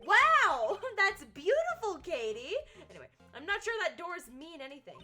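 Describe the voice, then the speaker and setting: A woman streaming a video game and chatting casually with her viewers, giggly and animated. Her voice is high and very lively, jumping all over, with soft music playing faintly behind. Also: moderate pace, few pauses. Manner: animated and giggly, reads chat aloud. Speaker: gaming streamer. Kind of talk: casual live-stream gaming chat.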